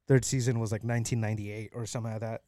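Young male co-host, quick, casual talker, constant fillers. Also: lowish voice, little pitch movement, dark tone, no room sound, studio quality. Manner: fillers "like" throughout, eager to tell stories. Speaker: podcast co-host. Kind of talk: casual chat.

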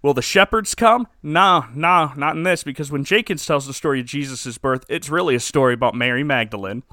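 A man's voice: a little high, fairly quick, pushed and bright, no room sound, studio quality. A man hosting a podcast, giving a wry, joking recap with chuckles in a casual comedic style. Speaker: podcast host.

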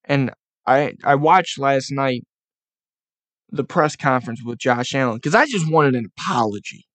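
A man's voice: medium pitch, lively intonation, unhurried, fairly bright tone, no room sound. Profane, frustrated man ranting about football. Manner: profane, frustrated ranting, mocking baby talk in bursts. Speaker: podcast host. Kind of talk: casual sports podcast rant.

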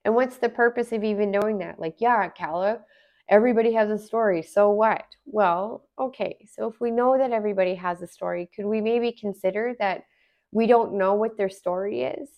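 A woman's voice: medium pitch, moderate pace, dull audio. A woman from Alberta, musing in a casual, earnest monologue full of rhetorical questions. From Alberta, Canada.

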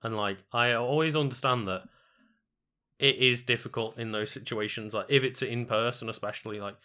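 A man's voice: mid-range voice, normal speed, sharp tone. A man co-hosting a stream in casual chat, rambling with many fillers and some swearing.

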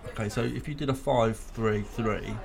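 A man's voice: lowish voice, normal speed, gravelly. A man co-hosting a podcast in casual chat, joking and bantering playfully. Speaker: podcast co-host.

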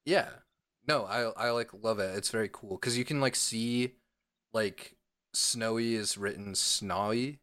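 A man's voice: fairly low pitch, measured pace, a bit bright. A man co-hosting a podcast in casual chat, playful and rambling, with a lot of "like" and filler words. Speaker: podcast co-host.

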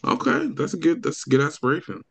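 A man co-hosting a casual sports podcast, rambling and laughing often, with many halting restarts. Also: on the high side, big pitch swings, vocal fry, husky. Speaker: co-host.

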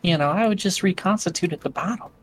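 A player in a tabletop game, talking in an animated, stammering, jokey way. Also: medium pitch, fast talker, husky. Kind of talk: playing a character in a tabletop game.

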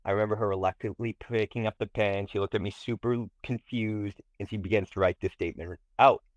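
Man, low voice, animated storyteller, emphatic, interview guest, dry close sound. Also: fairly quick, dry recording, dull audio. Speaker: guest, tutoring company president. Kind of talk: personal storytelling.

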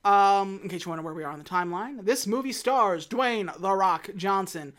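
A woman's voice: medium pitch, normal speed. A woman co-hosting a casual movie review chat, talking with lots of fillers and self-deprecating restarts. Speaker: podcast co-host reviewing movies.

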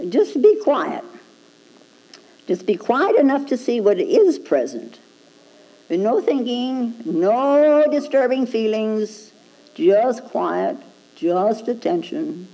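Woman, Zen teacher, dharma talk, unhurried, animated pitch, probing questions, wry chuckles. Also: rough recording. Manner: probing, prodding listeners with rhetorical "hmm?"; earthy humor, chuckling at own points.

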